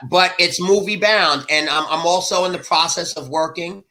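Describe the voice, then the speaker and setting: With a sharp, high voice at a normal pace, this middle-aged author guest gives an emotional interview, speaking fervently in a rhythm like a preacher's.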